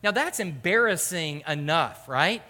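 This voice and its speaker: A man preaching a sermon as pastor, animated and rhetorical. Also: fairly high pitch, a little slow. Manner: animated, rhetorical, acts out quoted voices. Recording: hall reverb.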